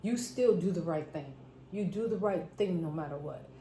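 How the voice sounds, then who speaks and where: A woman's voice: lowish voice, animated, normal speed, warm tone. A woman telling stories to camera in a casual vlog, emphatic, repeating phrases for stress. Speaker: food vlogger. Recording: roomy echo, faint background noise.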